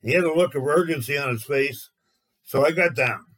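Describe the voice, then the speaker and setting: A man, a former lane man, narrating a personal anecdote in a steady retelling. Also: fairly high pitch, fairly quick, low-quality recording. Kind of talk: storytelling narration.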